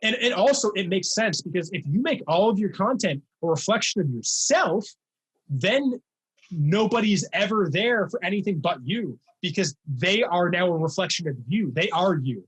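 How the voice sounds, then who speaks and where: A young man hosting a casual podcast chat, talking in an animated, rambling way full of fillers. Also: sits high, moderate pace, husky, poor audio. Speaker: podcast host and music reaction creator.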